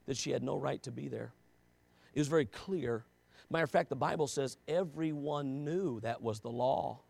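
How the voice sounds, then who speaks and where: A gravelly-voiced man delivers a sermon without any echo, swinging from quiet, low passages to loud, shouted emphasis. He keeps returning to rhetorical questions.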